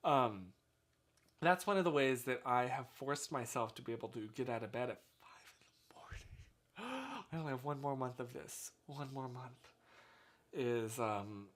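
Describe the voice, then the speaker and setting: A man's voice: mid-range voice, normal speed. A man hosting a casual live stream from a small room at home, chatting with viewers in a chatty, effusive way. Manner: chatty, animated, effusive congratulations. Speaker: livestream host. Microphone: desk microphone, sometimes turned away.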